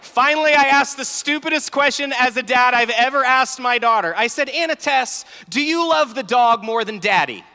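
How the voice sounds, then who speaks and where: A man in his thirties giving an animated, story-filled talk at a youth conference, acting out dialogue. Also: very high-pitched, moderate pace, hardly any pauses. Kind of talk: sermon-style talk with stories. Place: large conference hall. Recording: large hall reverb.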